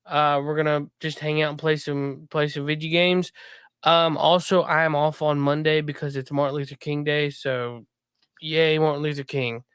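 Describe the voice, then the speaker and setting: A man hosting a podcast with a smooth, resonant voice that sits slightly high. He chats easily and wraps up the show in a friendly, relaxed tone, recorded dry and close. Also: moderate pace, no room sound. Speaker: podcast host. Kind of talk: casual podcast chat and sign-off.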